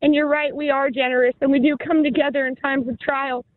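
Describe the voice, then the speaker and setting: A woman's voice: high-pitched, level tone, a little fast, a little hiss or hum. A woman calling in to a talk radio show, tearful and impassioned as she rambles through her grief. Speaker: caller. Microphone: telephone. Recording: tinny phone line.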